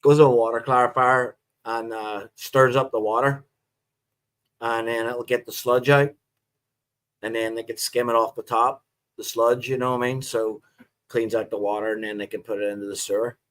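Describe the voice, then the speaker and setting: A middle-aged man with a Northern Irish accent chats on a live stream. He talks in a loose, rambling way, with plenty of fillers and friendly asides. His voice sits at an ordinary male pitch. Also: normal speed. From Northern Ireland. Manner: relaxed, rambling, chatty with viewers. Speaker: livestream host. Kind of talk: casual live-stream chat.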